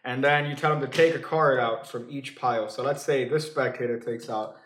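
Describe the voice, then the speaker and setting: A man's voice: mid-range voice, steady tone, a bit bright. A man teaches a card trick with plenty of "uh"s and restarts. He slips in dry, offhand jokes as he goes. His mid-range voice rings a little in an echoey room. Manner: halting, full of fillers and restarts; dry, joking asides. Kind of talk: casual comedic tutorial.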